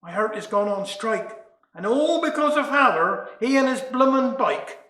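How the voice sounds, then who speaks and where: An earnest young Cornish lad, lovesick and pleading , as a man puts him on. He speaks in folksy verse, bright and echoing in the room. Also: extremely high pitch, animated, normal speed, full character voice.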